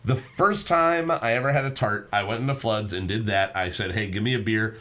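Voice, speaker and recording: A man's voice: fairly low pitch, a little fast, bright, forceful tone. Profane, rambling podcast host man. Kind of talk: casual chat.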